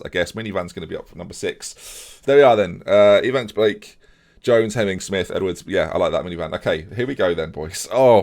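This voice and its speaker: A young man commentating his own video game match, fretting one moment and shouting the next. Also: sits low. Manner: excitable, swings from fretting to shouting.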